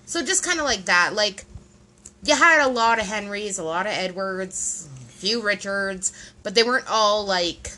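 A woman's voice: medium pitch, lively intonation, normal speed, bright, forceful tone, rough recording. A woman co-hosting a casual podcast, explaining things patiently with lots of "like" and "right?" checks. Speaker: podcast co-host.

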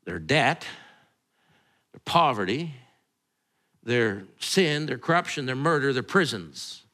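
A man's voice: mid-range voice, very animated, slow pace, pushed and bright. A male pastor, preaching in a conversational, rambling way full of asides and restarts. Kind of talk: sermon.

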